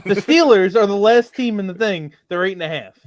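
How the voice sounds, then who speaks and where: Lively animated man. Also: high voice, a little fast, no room sound. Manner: animated, confident predictions. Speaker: podcast co-host. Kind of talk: casual sports chat.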